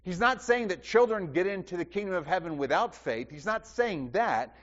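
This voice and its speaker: A man with a fairly high, very lively voice preaches a sermon, asking the congregation questions and repeating phrases for emphasis. His voice rings through a church hall with a long reverb. The recording sounds dull. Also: moderate pace. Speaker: pastor.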